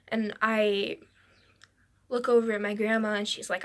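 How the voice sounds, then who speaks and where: A woman's voice: mid-range voice, flat delivery, a little slow, long pauses. A woman narrating a dramatic personal story for a storytime vlog, rambling and breathless with many "I'm like" asides. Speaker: vlogger.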